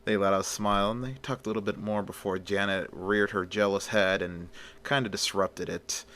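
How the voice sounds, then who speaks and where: Man, low voice, casual storyteller, rambling, conversational fan retelling. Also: steady tone, normal speed, a bit bright, a little hiss or hum. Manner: rambling, conversational, frequent "well" and "he's like".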